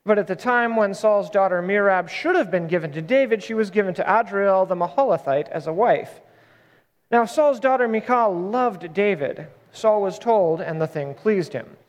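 A man preaching as a pastor, reading scripture aloud and adding relaxed, joking asides before praying and starting his sermon. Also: high-pitched, normal speed, highs cut off. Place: church sanctuary. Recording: long reverb of a large church.

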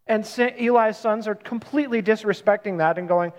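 A man's voice: high voice, a little fast. A man in his thirties giving a sermon as a pastor, retelling a story in a casual, conversational way and often correcting himself. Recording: long reverb of a large hall.

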